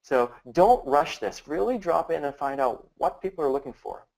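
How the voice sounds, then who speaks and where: A man's voice: on the high side, lively intonation, normal speed, vocal fry, darkish tone, low-quality recording. A man giving a casual training talk on prospecting, acting out sample questions in a shifting, curious tone. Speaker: business trainer.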